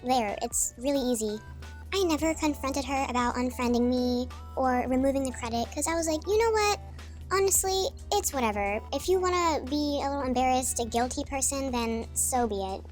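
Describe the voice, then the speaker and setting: Young woman with a high voice venting in a storytime vlog, sassy and exasperated, faint music behind. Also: fairly quick, darkish tone. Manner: chatty, exasperated, sassy asides. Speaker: vlogger.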